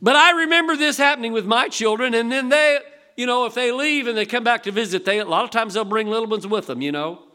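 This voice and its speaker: A man's voice: extremely high pitch, quick pace, pushed and bright, clear, resonant tone. An older man preaching a sermon in a folksy, conversational way, asking the congregation rhetorical questions. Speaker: pastor.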